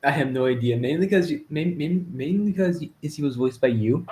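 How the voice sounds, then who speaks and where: A co-viewer reacts to a fan cartoon with quick remarks and curious questions. The voice swings lively in pitch and sits in a middle range. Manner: short reactions and questions, laughs easily. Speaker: co-viewer in a watch-along. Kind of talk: casual reaction chat.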